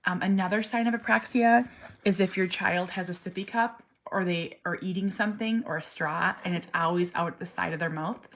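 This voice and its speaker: A woman in her forties, a parent talking casually to camera, earnest and animated, sometimes dropping to a soft near-whisper. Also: lowish voice, normal speed. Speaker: parent vlogger. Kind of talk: casual personal vlog.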